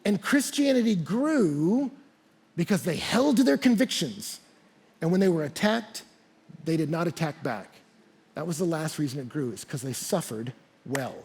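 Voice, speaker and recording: A man's voice: fairly high pitch, lively intonation, normal speed, a little mellow, husky. A man pastor preaching a sermon, telling stories animatedly and acting out the quotes.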